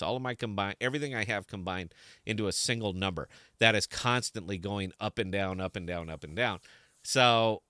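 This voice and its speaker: A man's voice: on the low side, sharp tone, smooth, no room sound, studio quality. Rambling man hosting a live stream. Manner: rambling and distracted, many restarts. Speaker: podcast host. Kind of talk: casual live-stream talk to camera.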